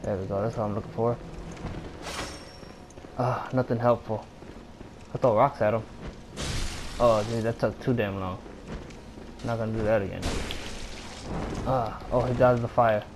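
A man giving excitable live commentary while playing a video game, talking to himself and his viewers and swearing when things go wrong. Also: medium pitch, noisy background. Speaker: gamer.

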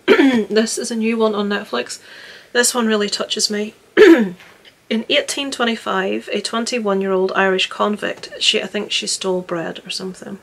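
A woman's voice: mid-range voice, creaky. A young woman chatting casually about films she watched, earnest and rambling with frequent restarts. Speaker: vlogger reviewing films. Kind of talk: casual film review chat.

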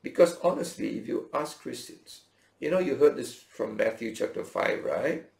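A male pastor preaches with a gravelly, creaky edge to his voice, his pitch leaping up and down as he tells the story and acts out the dialogue. He is heard in an echoey room. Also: normal speed. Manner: animated storytelling, acting out dialogue with big pitch swings. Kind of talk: sermon.

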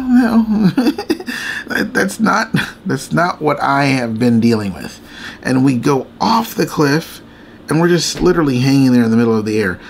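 Guy with a gravelly voice, earnest late night faith chat, faint hum behind. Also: mid-range voice. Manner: earnest, repetitive, confiding. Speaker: faith vlogger and co-host.

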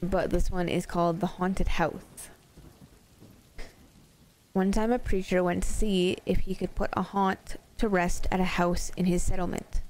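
A woman's voice: on the low side, flat delivery, a little slow, darkish tone, a little hiss or hum. A woman streamer casually reading spooky stories aloud to her chat, playful and laughing easily between stories. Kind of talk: casual storytelling to a live chat.

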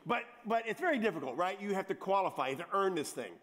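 High-voiced man preaching with lively asides. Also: quick pace, a little hiss or hum. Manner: lively, joking asides to the congregation; repeats words and restarts when excited. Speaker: pastor. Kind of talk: sermon.

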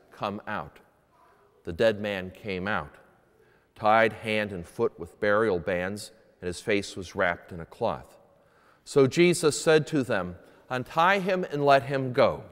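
Priest in an echoey church. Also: male voice, fairly low pitch, clean tone. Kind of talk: gospel reading and homily. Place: church at Sunday mass. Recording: echoey church with long reverb.

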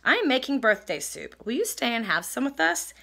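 A woman's voice: fairly high pitch, very animated, normal speed, creaky, bright, forceful tone, slightly rough, voice pushed up, exaggerated voice. A woman reading a storybook aloud and voicing an eager, wondering little boy bear. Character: cheerful young boy bear on birthday.

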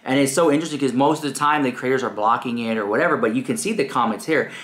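A man hosting casual gossip commentary, chatty and animated. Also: medium pitch, racing. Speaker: commentary host.

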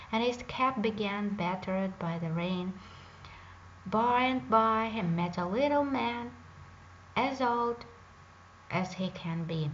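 A woman telling a fairy tale in English, reading slowly and carefully, on a dull lo-fi recording. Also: medium pitch, a bit bright. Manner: slow, careful reading aloud. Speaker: storyteller. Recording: dull lo-fi recording with faint hiss.

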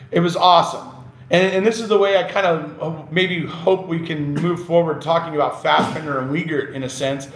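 A man's voice: a little high, fairly bright tone. Passionate, laughing man on a live stream. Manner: passionate, ranting, laughs often. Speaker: livestream host. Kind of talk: casual live stream chat. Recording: roomy echo.

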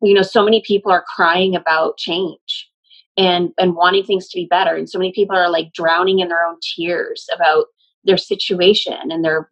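A woman's voice: lowish voice, muffled recording. A woman working as a medium, relaying messages in a casual, emphatic way. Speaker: medium channeling a spirit. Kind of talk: casual spoken channeling session.

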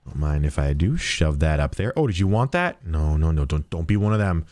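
A man's voice: extremely low pitch, animated, brisk, darkish tone, no echo. A young man streaming a game, chatting playfully as he plays a shopkeeper and jokes with customers. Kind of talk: let's-play commentary.

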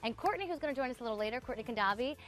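A woman hosting a live home shopping show, chatting warmly and gushing about clothes to viewers. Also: fairly high pitch, animated, very fast, faint music behind. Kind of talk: live TV sales pitch.

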